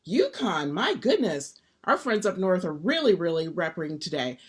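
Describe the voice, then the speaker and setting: A woman from the Detroit area hosting a live stream, greeting viewers by name in an upbeat, lively manner. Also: on the low side, moderate pace, breathy edge. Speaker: host.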